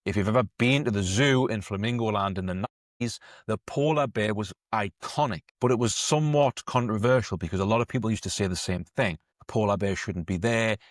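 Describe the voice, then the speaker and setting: A man's voice: fairly low pitch, a little fast, no echo, clean studio sound. A man, an eating coach telling a story in a chatty, conversational podcast monologue. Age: 30s.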